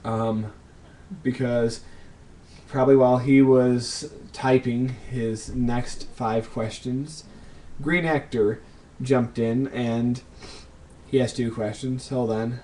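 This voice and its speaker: A young man answering viewer questions in a casual vlog, thinking aloud with lots of ums and pauses. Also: mid-range voice, steady tone, dark tone, slight background noise.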